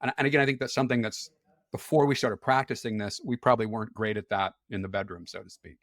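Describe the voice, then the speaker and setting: A man's voice: on the low side, fairly even intonation, fast, fairly bright tone, dry recording. Frank, chatty man on a dry mic. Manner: frank, repeats words and restarts, laughs easily. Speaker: podcast guest. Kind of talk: candid conversational chat.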